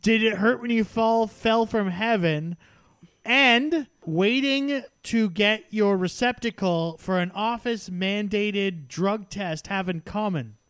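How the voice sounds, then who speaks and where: High-voiced joking man, dry sound. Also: takes it slowly, a bit bright, clear, resonant tone, no room sound. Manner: sarcastic, jokey, swears often. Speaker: podcast co-host. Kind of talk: casual banter.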